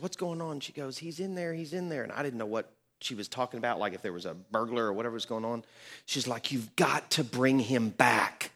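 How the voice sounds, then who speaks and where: A man's voice: lowish voice, a bit bright. A middle-aged man, a pastor, telling a story in a sermon, earnest and building to emphatic peaks.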